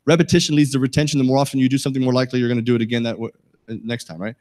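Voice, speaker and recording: A man's voice: medium pitch, fairly even intonation, very fast, a little mellow. A middle-aged man giving a safety talk to a live audience, folksy and joking, asking the listeners questions. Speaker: safety presenter.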